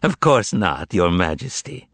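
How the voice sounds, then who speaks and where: A man voicing a fussy, theatrical male sidekick in an audiobook, excitable and wailing. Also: unhurried, no echo, heavily acted. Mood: sly. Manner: excitable, high and shrill. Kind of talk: audiobook character voice.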